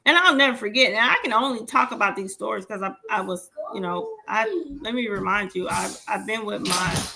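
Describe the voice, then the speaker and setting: With a medium-pitched, brisk, gravelly voice, this podcast co-host in her forties animatedly tells stories in a casual chat, voicing the dialogue and cursing freely. Background noise can be heard.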